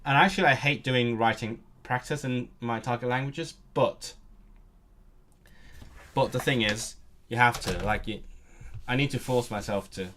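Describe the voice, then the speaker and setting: A young man streaming casually, reading aloud and thinking out loud, often stumbling and restarting his sentences. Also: mid-range voice, normal speed, long pauses, a little hiss or hum. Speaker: language-learning streamer.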